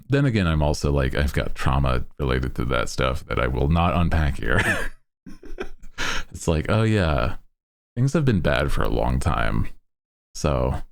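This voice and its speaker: A young man streaming, chatting casually with viewers in a laid-back, rambling way, laughing often. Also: darkish tone. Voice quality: very deep.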